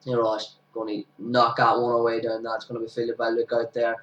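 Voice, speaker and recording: A young man talks through cricket highlights in a chatty, casual commentary and breaks into excited shouts whenever a big moment comes. His voice sits at an ordinary pitch and has a sniffly, hay-fever edge. He sounds set back from the mic in a roomy, echoing space. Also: brisk, recorded from a distance, lo-fi sound. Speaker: amateur cricket commentator for his own club.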